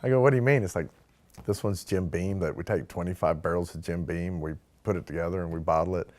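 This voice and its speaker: A man's voice: low voice, fairly even intonation, a little fast, a little mellow. A man in a casual interview, telling how he founded a distillery, full of "like" and "you know" and acting out what other people said. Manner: acts out quoted dialogue, fillers like "like" and "you know". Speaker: distillery founder telling his start-up story.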